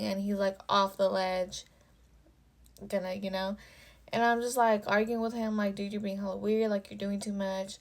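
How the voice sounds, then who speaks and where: Gravelly young woman telling a story. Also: medium pitch. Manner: casual and profane, with constant "like" fillers. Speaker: storytime vlogger. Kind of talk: casual storytime vlog.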